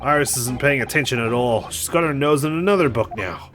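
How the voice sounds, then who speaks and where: A man's voice: mid-range voice, brisk, a bit bright, soft background music. A man casually commenting on a video game while playing, joking as he goes. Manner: joking, chatty, reads game lines aloud. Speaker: let's play host.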